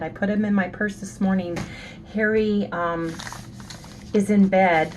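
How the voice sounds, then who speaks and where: A woman's voice: mid-range voice, fairly even intonation, a little slow, a little hiss or hum, rough recording. A middle-aged woman chatting casually and upbeat to her viewers on a phone. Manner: upbeat, talks straight to viewers. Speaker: vlogger. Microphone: handheld phone.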